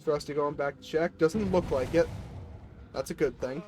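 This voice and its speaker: A man's voice: on the high side, moderate pace, darkish tone. A man who is a little sick, chatting casually with viewers and players as he streams a game.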